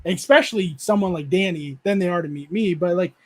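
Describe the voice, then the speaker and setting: Speaking briskly in a high voice with a darkish tone, a man hosts a casual livestream chat. He reads viewer comments aloud and rambles through stories, laughing often and using plenty of fillers.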